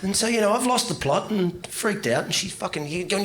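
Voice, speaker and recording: A man doing a profane stand-up routine, swinging from low muttering to loud ranting outbursts. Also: sing-song, quick pace, few pauses, slight background noise. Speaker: stand-up comedian. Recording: live club recording with audience laughter. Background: crowd laughter.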